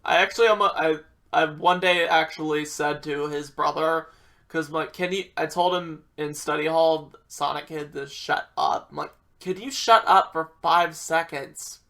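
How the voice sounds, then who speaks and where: A man's voice: on the high side, steady tone, normal speed, a bit bright. A young man telling a rambling, profane storytime about his school days and acting out what people said. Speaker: vlogger.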